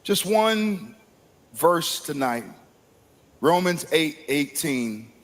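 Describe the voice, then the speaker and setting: A man preaching a sermon, building from slow phrasing to impassioned shouts. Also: a little high, sing-song.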